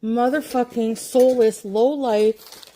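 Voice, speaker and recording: A woman with a fairly high voice complaining on her livestream. She rants angrily and swears a lot, and her high voice carries the complaint. The talk keeps coming back to how fed up she is. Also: steady tone, slow pace, warm tone. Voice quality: angry, profane ranting. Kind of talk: livestream rant.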